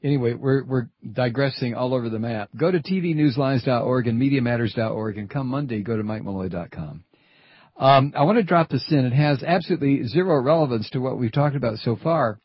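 A man's voice: medium pitch, slightly rough, no room sound, lo-fi sound. A middle-aged man hosting a radio talk show, rambling and wry, digressing between topics. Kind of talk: casual talk radio chat. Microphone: studio microphone.

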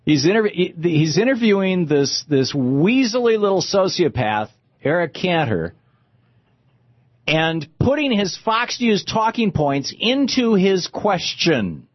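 A man's voice: on the high side, husky, dry recording, highs cut off. Sarcastic, ranting male talk host. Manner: sarcastic and indignant. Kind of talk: political commentary rant.

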